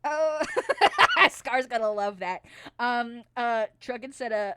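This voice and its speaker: A woman's voice: fairly high pitch, slow pace, sharp tone, clear, resonant tone. A woman streaming a video game, chatting casually with her viewers and swearing often as she plays. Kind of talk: casual gameplay stream chat.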